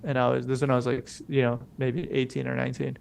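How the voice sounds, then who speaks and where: A man's voice: medium pitch, monotone, quick pace, creaky, a little mellow. A young man co-hosting a podcast, telling a rambling, profane story in casual slang and acting out the people he quotes. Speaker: podcast co-host.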